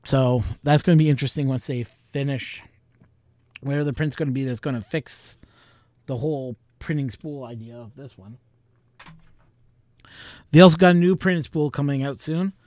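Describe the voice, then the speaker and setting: A man's voice: mid-range voice, normal speed, pauses often, darkish tone, dry recording. A man hosting a vlog in casual chat, rambling, chuckling and thinking aloud. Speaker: vlog host.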